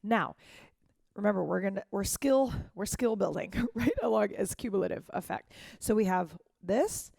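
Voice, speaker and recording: A woman's voice: medium pitch, normal speed, gravelly, darkish tone, no echo. Woman dance teacher, encouraging, counts out beats, dry close sound. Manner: encouraging, counts beats aloud and scats rhythms. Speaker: dance instructor. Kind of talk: dance class instruction.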